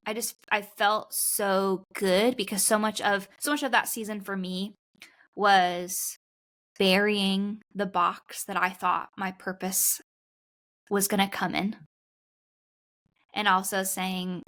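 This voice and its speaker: A woman's voice: mid-range voice, fairly bright tone. A woman hosting a faith podcast, telling a personal story in an earnest, reflective conversational way. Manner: reflective, earnest, often quoting herself. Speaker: podcast host.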